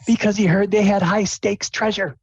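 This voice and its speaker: A man's voice: sits high, steady tone, normal speed, husky, no echo, lo-fi sound, pitched above the performer's own voice. A man voicing a boisterous male gnome jester who talks in hearty, jokey stage patter.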